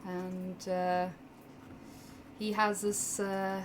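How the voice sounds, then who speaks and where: A woman's voice: medium pitch, level tone. Brief: woman game master, leisurely narration, easy laughs, hissy noisy recording. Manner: unhurried, full of fillers, laughs often. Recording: noisy background hiss.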